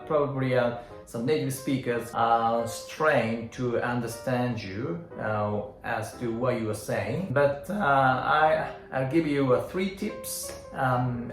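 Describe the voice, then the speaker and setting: A man with a Japanese accent teaching English pronunciation in a casual way, hesitating often with fillers and sounding out example words. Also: medium pitch. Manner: demonstrates sounds aloud. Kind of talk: casual instructional talk. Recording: roomy echo with faint guitar.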